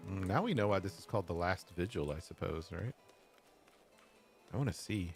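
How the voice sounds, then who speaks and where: A man's voice: low voice, lively intonation, normal speed, creaky. A man streaming a video game who makes chatty, amused casual asides. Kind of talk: casual gameplay commentary. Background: game music.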